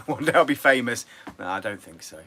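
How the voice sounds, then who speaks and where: A man's voice: mid-range voice, animated, normal speed, sharp tone, husky. A middle-aged English man with an English accent, rambling and restless as he chats casually to viewers on a woodworking live stream. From England.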